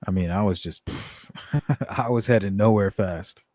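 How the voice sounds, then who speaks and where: A man's voice: on the low side, unhurried, mellow, no room sound. A middle-aged man hosting a casual live chat, blunt and profane, laughing often as he reads comments. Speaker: livestream host reading chat.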